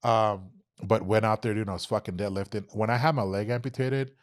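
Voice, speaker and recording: He's a Texan in his thirties with a lowish voice and a brisk delivery, appearing as a podcast guest. His casual interview storytelling is animated, laced with heavy swearing, and he acts out quoted exchanges.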